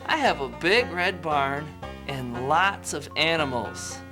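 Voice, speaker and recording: A man speaking as a farmer who presents to children, cheerful and animated, explaining farm animals outdoors. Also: a little high, slow pace, music in the background. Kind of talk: scripted children's educational presenting.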